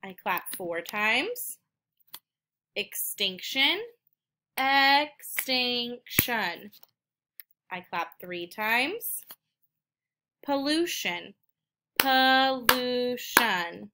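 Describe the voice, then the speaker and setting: A woman teacher reading each word slowly and twice, then clapping out the syllables. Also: medium pitch, very animated, background noise. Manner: slow, deliberate, repeats each word twice. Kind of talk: slow word-by-word reading lesson.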